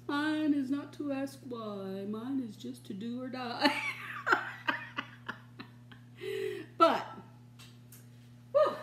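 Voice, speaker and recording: Demonstrating home cooking in her kitchen, an older woman with a high-pitched voice chats in a folksy manner and giggles a lot. The sound is roomy, with a little hiss or hum.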